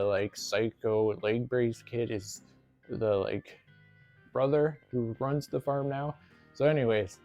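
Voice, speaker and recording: A movie reviewer with a medium-pitched, warm voice recaps a film's plot casually. He rambles, fills with lots of "like," and laughs often.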